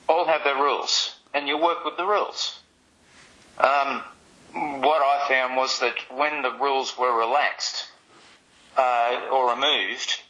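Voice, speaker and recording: Bright-toned man explaining calmly. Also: medium pitch, rough recording. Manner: measured, explanatory, dry humour. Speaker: martial arts instructor. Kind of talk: interview guest, explaining.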